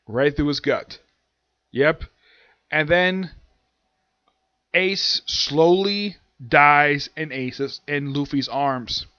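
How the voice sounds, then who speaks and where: A man's voice: on the high side, drawn-out words, long pauses, sharp tone, no room sound. A man casually recapping anime episodes in a rambling way, with lots of fillers and restarts. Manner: rambling, filler-heavy retelling. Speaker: anime reviewer. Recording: dull lo-fi dry sound.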